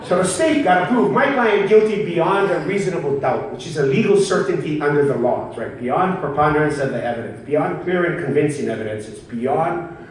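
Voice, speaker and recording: Guy talking hawaiian pidgin, jokey keynote, kinda high voice, big echoey hall, mic far off. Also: lively intonation, fairly quick, slight background noise. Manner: joking, laughing storyteller mixing Pidgin and formal English. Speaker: mayor giving a keynote speech. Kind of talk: humorous keynote speech. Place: large conference hall.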